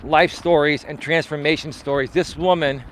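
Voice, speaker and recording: A man with a high-pitched voice hosts a casual live stream outdoors in a built-up area, with passing traffic heard behind him. He talks in a boastful, teasing way and swears casually. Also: fairly even intonation, normal speed. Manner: boastful, teasing, laughs at his own jokes. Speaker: life coach hosting a live stream.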